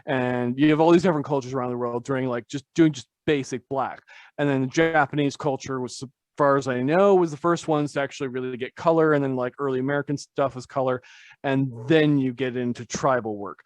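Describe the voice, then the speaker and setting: A man's voice: mid-range voice, fairly even intonation, a little fast, dry recording. A man, a tattoo artist guest on a podcast, talking casually in a rambling, self-deprecating way full of fillers.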